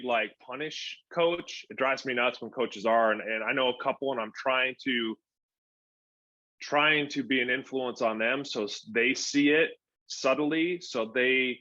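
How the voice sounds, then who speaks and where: A middle-aged man talks shop in a casual podcast chat, his voice bright and forward with a bit of edge. He tells stories animatedly and slips into the voices of the people in them. The sound is dry and a little dull, like a lo-fi recording. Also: mid-range voice, no echo. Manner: animated storytelling, acting out what he says to himself and to others. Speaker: guest, former pro pitcher and youth coach.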